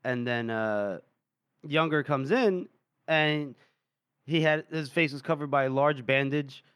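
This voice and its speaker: A man's voice: fairly high pitch, measured pace, fairly bright tone, clean tone, no room sound. A man co-hosting a casual book podcast, retelling scenes with lots of laughter, acted quotes and fillers. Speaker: podcast co-host.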